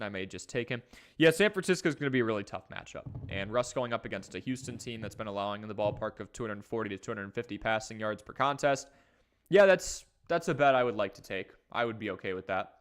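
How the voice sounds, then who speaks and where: A man's voice: fairly low pitch, clean tone. A man hosting a live fantasy football stream, talking casually and energetically while he reads from the chat. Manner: energetic, conversational, talks fast in bursts. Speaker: fantasy football livestream host.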